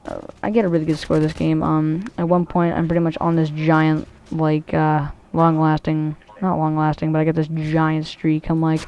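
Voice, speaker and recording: A woman's voice: low-pitched, completely flat delivery, normal speed, hardly any pauses, darkish tone, highs cut off. A woman giving casual, rambling commentary over a shooter match, swearing freely and full of ums and restarts. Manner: rambling, profane, many fillers and restarts. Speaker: gameplay commentator.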